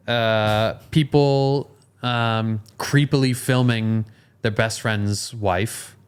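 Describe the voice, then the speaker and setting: A man's voice: medium pitch, steady tone, drawn-out words, clear, resonant tone. A young man co-hosting a podcast in casual chat, dry and matter-of-fact. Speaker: podcast co-host.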